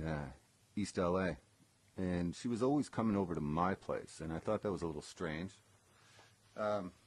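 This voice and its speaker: Deep-voiced man rambling through a story. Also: darkish tone, dry recording. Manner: rambling, full of ums and self-corrections. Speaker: former session guitarist telling a personal story. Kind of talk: casual live-streamed storytelling.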